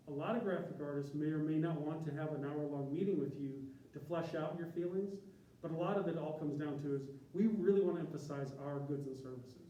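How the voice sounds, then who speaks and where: A man gives a casual presentation, drifting through tangents and restarting his sentences. His voice sits a little high and has a mellow tone. It is recorded from a distance in a roomy, echoey space. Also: a little hiss or hum. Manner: conversational, rambling with tangents and restarts. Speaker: university graphic designer giving a presentation. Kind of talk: informal presentation to a group. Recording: echoey room from a distance, faint ambience.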